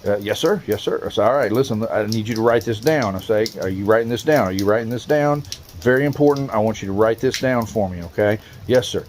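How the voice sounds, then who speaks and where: Low-voiced man telling a prank story. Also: a little hiss or hum. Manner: builds up a prank story with drawn-out, mock-serious emphasis; rough, profane, teasing. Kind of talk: storytelling monologue.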